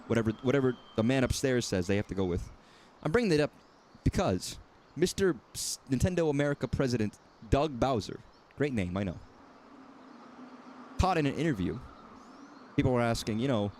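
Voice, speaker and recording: A man's voice: medium pitch, slight background noise. A man casually commenting while playing a game, talking in a rambling, self-correcting, wry way. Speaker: streamer.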